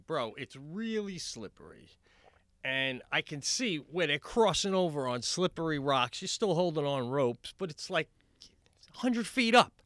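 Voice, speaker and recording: A man co-hosting a podcast, telling a comedic story in casual chat. He talks animatedly, swears freely and jumps into high, excited outbursts. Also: dry recording. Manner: swears freely, says "bro". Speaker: podcast co-host.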